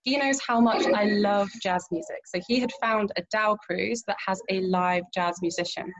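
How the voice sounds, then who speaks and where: A woman guest in an interview, telling a lively anecdote and acting out what people said, laughing often. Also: mid-range voice, muffled recording. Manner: animated anecdote with acted-out quotes, laughs often. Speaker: guest, romance event planner. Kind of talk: storytelling in an interview.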